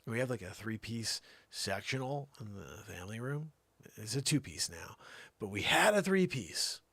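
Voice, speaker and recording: Gravelly man telling comic tall tales. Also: on the low side, very animated, moderate pace, a bit bright, dry recording. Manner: tall-tale storytelling with theatrical voice jumps. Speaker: comedy show host. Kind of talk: rambling comic monologue.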